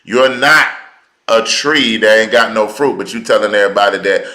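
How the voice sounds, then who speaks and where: A man preaching a teaching sermon, slow and deliberate, repeating key words for emphasis in informal, colloquial speech. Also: on the low side, pushed and bright, roomy sound, rough recording.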